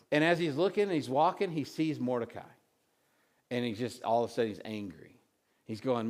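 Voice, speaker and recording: A man's voice: medium pitch, normal speed, darkish tone. Give me a man preaching casually, reading scripture and chatting through the story. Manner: conversational preaching, with many restarts and asides; retells scripture with acted voices. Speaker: pastor.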